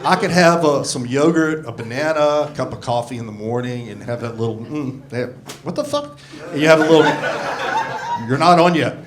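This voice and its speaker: Performing live at a comedy club, a cranky sixty-something man delivers a profane stand-up routine into a handheld microphone. He speaks fairly quickly in a mid-range voice, with background noise and crowd laughter around him.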